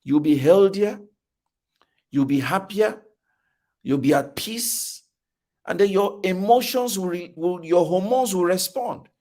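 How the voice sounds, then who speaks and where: A man's voice: high voice, takes it slowly, pauses often, darkish tone. A middle-aged man with a Nigerian accent giving a motivational talk at a fathers' conference, emphatic and repeating his key phrases like a preacher.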